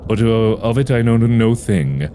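A man's voice: lowish voice, animated, unhurried, warm tone, slight background noise. A man voicing a sinful talking tree in a game, speaking in stilted mock-archaic English. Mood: sly.

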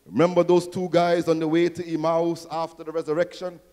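A male pastor delivers a rousing sermon, rising toward near-shouts and throwing questions to his congregation. His voice sits high for a man. It rings out with the long reverb of a large church hall. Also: level tone, fairly quick. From Trinidad and Tobago. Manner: rousing preaching, swells to near-shouting, call-and-response questions.

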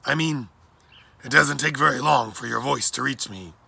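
A man's voice: medium pitch, moderate pace, gravelly, sharp tone, breathy edge, exaggerated voice. A man voicing Blackbird, a brash, talkative male pirate who chatters eagerly. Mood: doubting.

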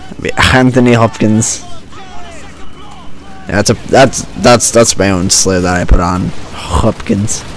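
A man with a fairly low voice talks through his gameplay in a loose, joking, sarcastic way. He records at home on a desk mic wrapped in a makeshift pop filter. Faint game noise sits behind him. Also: unhurried, pauses often. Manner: joking, sarcastic running commentary. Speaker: gaming channel host. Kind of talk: let's-play commentary. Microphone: home desk mic with a homemade pantyhose pop filter.

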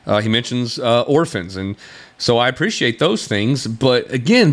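A man's voice: mid-range voice, big pitch swings, normal speed. A man hosting a podcast, responding to a video in a sarcastic, exasperated commentary and laughing between points. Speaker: podcast host.

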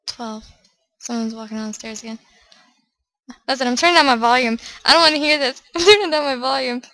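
A woman narrating her horror game play, jittery and swearing, often dropping to a hushed murmur as she counts steps. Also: a little high, a little fast, dry recording. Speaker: let's play gamer.

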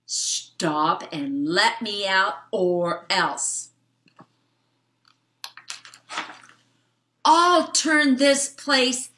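A woman voicing a male fly trapped in a vacuum cleaner, talking in a slow, melodramatic, mournful way while reading a storybook aloud. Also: mid-range voice, sharp tone, pitched above the performer's own voice, full character voice. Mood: defiant.

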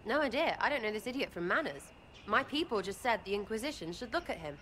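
A woman's voice: on the high side, lively intonation, fast, sharp tone, slight background noise. An actress voicing a brash, irreverent young female rogue in a video game, with slangy, mocking speech. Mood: flippant.

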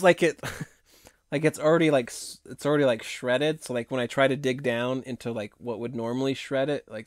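Hoarse chatty man hosting a live stream. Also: mid-range voice, dry recording, clean studio sound. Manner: chatty, rambling, laughs often. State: hoarse from long talking. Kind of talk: casual live-stream chat.

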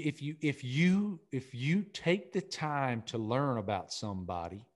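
A middle-aged man with a Southern accent, a guest in a podcast interview, talking in an earnest, energetic way and often repeating himself. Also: mid-range voice. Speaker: podcast guest, sports broadcaster. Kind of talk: casual interview talk.

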